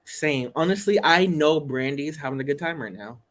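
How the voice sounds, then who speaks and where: Blunt, animated reality TV co-host. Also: medium pitch, normal speed. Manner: blunt, opinionated, swears freely. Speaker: podcast co-host. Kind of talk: casual reality TV recap chat.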